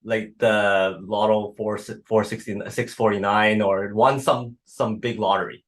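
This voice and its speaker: A man's voice: fairly low pitch, steady tone, measured pace. A man hosting an interview show, talking hesitantly, repeating words and ending points with "right?". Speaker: podcast host. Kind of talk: conversational interview.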